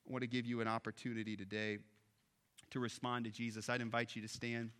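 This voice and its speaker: A man, a pastor, preaching an earnest Easter sermon, building up on key points and dropping soft on others. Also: mid-range voice, flat delivery, fast talker, clear, resonant tone. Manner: earnest, rising with emphasis then dropping soft.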